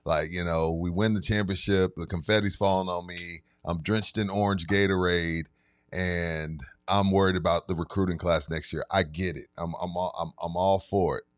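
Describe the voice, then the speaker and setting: A man's voice: sits low, steady tone, normal speed, clear, resonant tone, no echo, studio quality. A man co-hosting a sports podcast, ranting in an emphatic, heated way. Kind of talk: casual sports chat.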